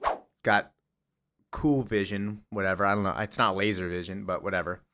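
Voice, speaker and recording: A young man casually recapping a comic story. He rambles, trails off with fillers and shrugs things off. He speaks at an ordinary middle pitch. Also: fairly even intonation, normal speed, noisy background. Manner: rambling, filler-heavy, offhand.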